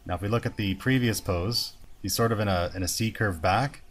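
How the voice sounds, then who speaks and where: A man with a fairly low voice walks through a drawing tutorial, narrating every step as he goes. His tone is relaxed and explanatory, as if he is thinking out loud. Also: fairly quick. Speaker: animation instructor. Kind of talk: screen-recorded software tutorial.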